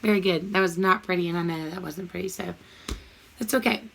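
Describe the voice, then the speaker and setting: A woman's voice: fairly low pitch, fairly even intonation, fairly quick, vocal fry, a bit bright, a little hiss or hum. A woman teaching an online math lesson to young children, cheerful and sing-song, breaking into short rhymes.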